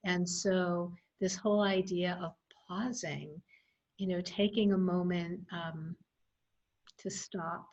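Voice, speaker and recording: A woman's voice: fairly low pitch, fairly even intonation, takes it slowly, darkish tone. Reflective woman on a video call. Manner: reflective, thoughtful, with frequent fillers. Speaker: guest expert on early childhood education. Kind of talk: casual webinar conversation. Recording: slightly dull video call audio.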